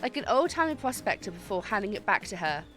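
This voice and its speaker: A woman streaming a dating game, chatting excitably and swearing freely as she reads the story text aloud. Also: medium pitch, fast talker. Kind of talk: let's-play commentary and reading game text aloud.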